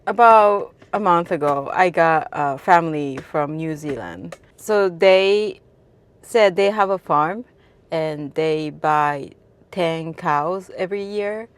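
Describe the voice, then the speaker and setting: Japanese-accented woman taxi driver, low voice, slow and relaxed, filler-heavy casual telling. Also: clear, resonant tone. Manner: relaxed storytelling, many fillers. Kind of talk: casual interview chat.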